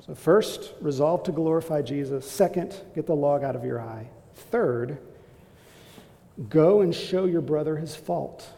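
A man preaching a sermon as pastor, emphatic and exhorting, building to forceful calls to his listeners. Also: fairly high pitch, a little slow, vocal fry, long reverb tail.

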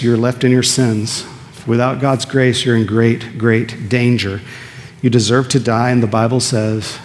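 Man preaching a sermon in a reverberant hall. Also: medium pitch. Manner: earnest preaching, asks the listeners questions and answers them himself. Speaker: pastor. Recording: long reverb of a large hall.

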